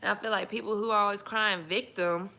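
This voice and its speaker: A woman's voice: medium pitch, fairly even intonation, fairly quick, creaky, pushed and bright. A young woman, chatting candidly and emphatically to camera as a single mom. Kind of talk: casual chat to camera.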